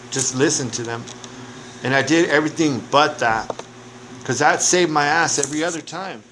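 A man shares his recovery story in a frank, casual, conversational way and swears freely. His pitch sits in the middle for a man. Steady background noise runs under the recording. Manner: candid, profane, conversational. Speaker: recovery speaker. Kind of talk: personal recovery testimony. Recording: noisy recording.

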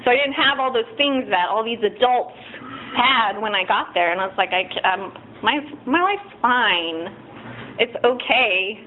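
A woman's voice: a little high, moderate pace. A woman tells her own recovery story at a meeting, candid and self-mocking, often stopping to restart a thought. Her voice is thin and narrow, like it came through a phone. Faint noise sits under the talk.

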